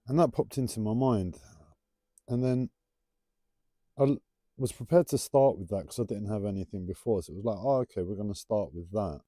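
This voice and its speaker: A man's voice: on the low side, brisk, long pauses, warm tone, no echo, clean studio sound. A man hosting a rambling solo livestream from home, waffling off on tangents and having trouble pronouncing his T's. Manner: wanders off on tangents, self-described waffling. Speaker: livestream host.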